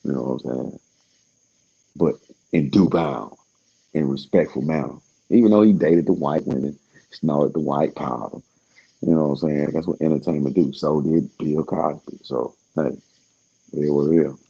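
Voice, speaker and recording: A man's voice: very deep voice, moderate pace, warm tone, slightly rough, highs cut off. A man talking in a casual, rambling monologue, laid-back and slangy, trailing off with fillers as he searches for words.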